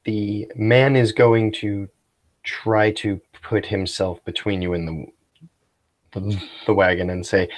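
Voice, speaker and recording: A man's voice: lowish voice, level tone, slow pace. A man narrating as game master of a tabletop role-playing game, rambling and descriptive. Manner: rambling, full of fillers and restarts.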